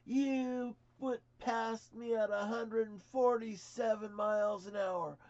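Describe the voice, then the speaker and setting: Shrill, shouting male state trooper, furious and scolding, put on by a man, high strained yell, dull lo-fi sound. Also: steady tone. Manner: yelling, scolding, drawn-out. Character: furious shouting male highway patrol officer.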